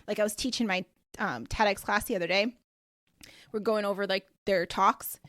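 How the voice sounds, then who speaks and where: A woman's voice: medium pitch, fairly even intonation, moderate pace, a bit bright, no room sound, clean studio sound. A woman, hosting her own podcast in a bubbly, gushing chat full of "like" and "you know". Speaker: podcast host. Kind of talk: casual solo podcast chat.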